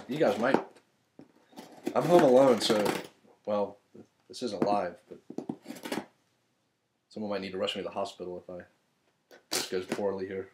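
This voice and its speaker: Male vlogger, low voice, rambling and excitable, home recording with faint background noise. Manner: excitable, rambling, self-deprecating jokes. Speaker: author unboxing fan gifts. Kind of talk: casual unboxing vlog. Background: thunder and a dog's collar.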